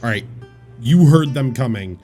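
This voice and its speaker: A man's voice: mid-range voice, animated, moderate pace, warm tone, faint music behind. A man narrating as game master, describing scenes and calling for rolls.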